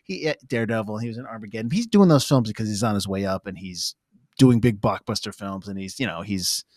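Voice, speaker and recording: A man's voice: fairly low pitch, quick pace, a little mellow, dry recording, studio quality. A man co-hosting a casual film review podcast, thinking aloud as he talks. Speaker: podcast co-host.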